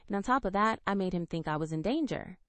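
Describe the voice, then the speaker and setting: A woman narrating a first-person romance story with an emotional, expressive delivery. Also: medium pitch, fast talker, no room sound. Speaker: audiobook narrator.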